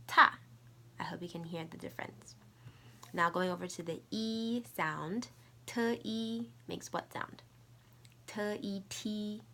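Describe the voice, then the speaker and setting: A woman's voice: fairly low pitch, creaky, sharp tone. A middle-aged woman teaching Mandarin, patiently repeating sounds and tones for learners to copy. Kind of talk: slow, patient language lesson with drills.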